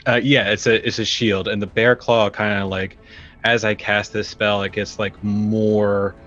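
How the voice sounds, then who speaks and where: A man describing his character's spell in a halting way, full of fillers. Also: lowish voice, flat delivery, a bit bright, highs cut off, faint music behind. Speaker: player. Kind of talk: tabletop role-play.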